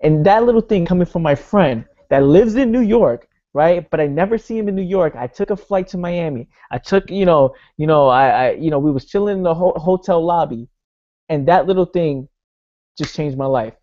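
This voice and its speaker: Guy hyping people up with a story, talks to viewers from his own mic, kinda high voice, muffled. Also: normal speed. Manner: energetic storytelling, fillers like "right?" and "bro". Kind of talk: casual motivational talk.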